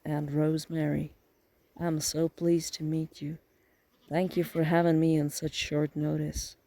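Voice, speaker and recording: A polite, careful young man who answers questions evenly, read by a male narrator. The voice is higher than average with a gravelly edge and little pitch movement, dry and close for an audiobook. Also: monotone, a little slow, warm tone, poor audio. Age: young adult.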